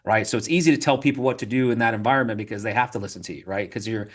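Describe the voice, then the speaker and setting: A man, a podcast guest, telling animated stories in a casual interview, full of restarts and repeated "right?" tags. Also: lowish voice. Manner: rapid, animated storytelling with frequent "right?" and filler restarts.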